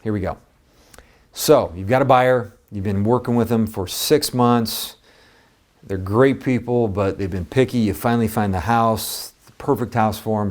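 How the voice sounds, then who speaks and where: Brief: male real estate coach, lower-pitched, emphatic and conversational delivery. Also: darkish tone. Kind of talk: coaching talk to camera.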